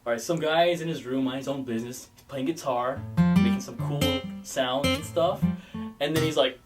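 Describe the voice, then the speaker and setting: A man improvising silly horror story pitches in a rambling, casual way, full of "like". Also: moderate pace. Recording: distant mic with guitar music.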